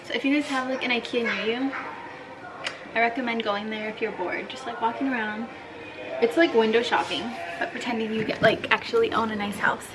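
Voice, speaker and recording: A woman's voice: fairly high pitch, steady tone, brisk, background noise. A young woman vlogging in a furniture store, talking to the camera in a chatty and playful way. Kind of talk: casual vlog chat.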